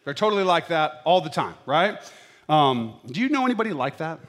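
A middle-aged pastor preaches in a chatty, playful way, frequently checking in with the congregation by asking "right?" His slightly high, a bit bright voice is very animated and brisk.

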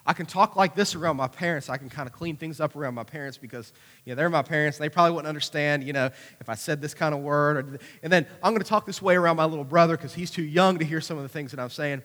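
Animated youth pastor in a reverberant hall. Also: male voice, fairly high pitch, fast. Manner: animated, conversational preaching with acted-out asides. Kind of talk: youth sermon.

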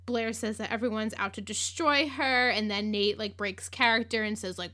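A woman's voice: medium pitch, fairly even intonation, moderate pace, hardly any pauses, pushed and bright. A woman hosting a podcast, recapping an episode in casual chat, with lots of "like", acted-out quotes and laughter. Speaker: podcast host.

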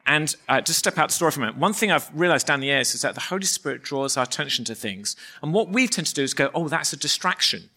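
A man in his fifties preaches with a bright, forceful tone. His pitch sits a little high for a man. He talks in a relaxed, story-driven way with light humour. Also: fast, hardly any pauses. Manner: conversational storytelling, warm humour. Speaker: pastor. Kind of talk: sermon.

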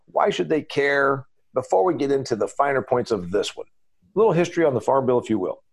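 A man's voice: medium pitch, lively intonation, fairly quick, husky. A man hosting a farm business podcast, talking in a chatty, emphatic, folksy way. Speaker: podcast host. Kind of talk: casual podcast chat.

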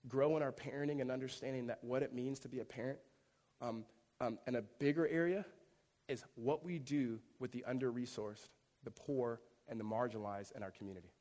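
Guy pastor preaching a sermon, mid pitch, story-telling, big echoey church hall. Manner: animated storytelling, rising loud in climaxes, hushed in tender moments. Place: church sanctuary.

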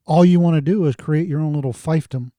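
Guest, man in his fifties, fairly high voice with a very dark, mellow tone, blunt talker. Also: fairly quick, no room sound, clean studio sound. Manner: blunt, emphatic, knowing. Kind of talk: casual conversation.

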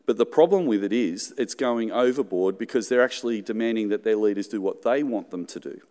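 A man's voice: on the low side, fairly quick, warm tone. A middle-aged Australian man preaching a sermon in a conversational way, with joking asides and acted-out quotes. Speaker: pastor. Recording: hall reverb.

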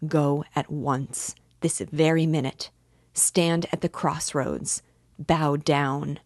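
Woman reading a fervent young woman pleading, low voice, slow measured delivery, dry, audiobook. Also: fairly even intonation, darkish tone, no room sound. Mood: urgent. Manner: urgent imploring.

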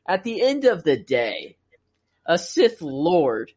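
A man's voice: on the high side, sing-song, slow, darkish tone, slightly rough. A man in casual chat who muses hesitantly, with lots of filler words. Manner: hesitant, musing, many fillers. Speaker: podcast co-host.

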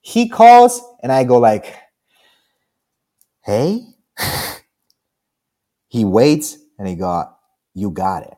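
Lively Italian-accented man telling a story. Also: medium pitch, very slow, long pauses. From Italy. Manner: animated, laughs often, acts out quotes. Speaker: guest actor. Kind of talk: casual interview storytelling.

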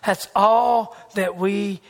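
High-voiced fervent male preacher. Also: steady tone, extremely slow. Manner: swings from loud fervor to hushed whispers; repetitive, emphatic preaching cadence. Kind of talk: sermon.

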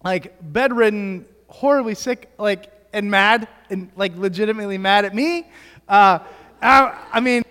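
A young pastor with a strikingly high voice tells a story in a relaxed, rambling way, leaning on fillers and false starts. His sermon rings out with a long reverb from the church sanctuary. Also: measured pace, smooth. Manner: casual storytelling with many fillers.

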